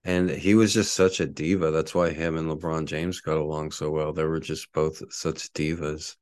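A man's voice: very deep voice, level tone, moderate pace, a little mellow, no room sound, clean studio sound. A man hosting a solo sports podcast from his apartment, rambling with lots of fillers. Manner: angry ranting at a neighbor outside. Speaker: podcast host. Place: apartment at home.

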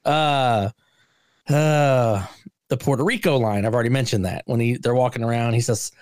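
A man co-hosts a casual movie podcast with a lively, animated delivery. He slips into raised voices to act out lines from the film. His voice sits at a middle pitch and sounds close and dry. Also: moderate pace, no room sound. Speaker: podcast co-host. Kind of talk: casual movie review chat.

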